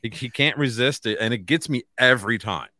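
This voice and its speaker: A man's voice: medium pitch, a little fast, sharp tone, dry recording, clean studio sound. A middle-aged man hosting a podcast from a room at his home, talking bluntly and swearing freely. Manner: blunt and profane, plainspoken. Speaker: podcast host. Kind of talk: casual podcast chat.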